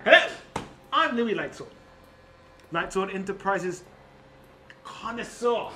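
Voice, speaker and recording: A man voicing a boastful male fire genasi inventor and shopkeeper, pitching himself like a grand salesman. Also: expressive, slow, sharp tone, slight background noise, exaggerated voice.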